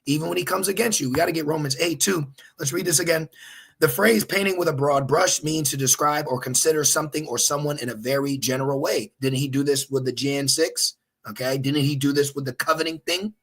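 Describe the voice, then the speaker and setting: Man, gravelly and husky, a religious teacher who gets animated and keeps checking in with his listeners. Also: fairly high pitch, a little fast. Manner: animated, exhorting, repeats "okay?". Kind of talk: informal teaching while searching online.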